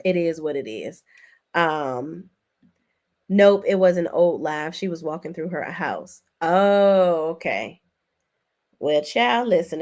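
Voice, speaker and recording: A woman hosting a casual reality TV recap, sassy and expressive, laughing often, with big swings in pitch. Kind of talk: casual commentary with live chat.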